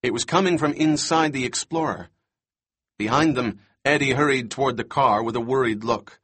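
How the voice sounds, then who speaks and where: A male audiobook narrator with a husky, mid-pitched voice. He reads the scripted prose steadily and evenly. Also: moderate pace. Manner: steady, even storytelling.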